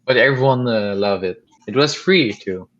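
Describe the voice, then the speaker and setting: Halting young man on a lo-fi mic. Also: medium pitch. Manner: halting, many fillers, blunt. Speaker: podcast co-host. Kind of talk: casual chat. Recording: dull lo-fi home recording.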